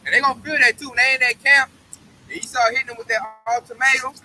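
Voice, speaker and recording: A man's voice: extremely high pitch, little pitch movement, quick pace, bright, forceful tone, a little hiss or hum, poor audio. A man giving an emphatic, slangy Bible study, often tagging his points with "man". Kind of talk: casual preaching discussion.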